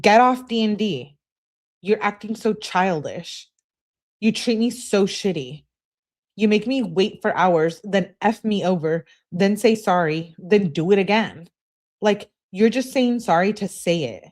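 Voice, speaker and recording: A woman's voice: medium pitch, lively intonation, unhurried, a little mellow. A woman reading aloud the text messages of a pushy young woman to her boyfriend, in a demanding tone, with curse words spelled out as letters.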